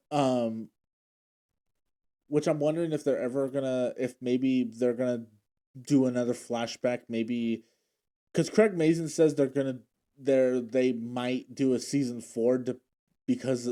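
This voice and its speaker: A man's voice: medium pitch, dark tone. A man recapping TV episodes in a casual, emotional way, often restarting his sentences as he retells scenes. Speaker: show recap vlogger. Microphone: handheld or desk mic he adjusts.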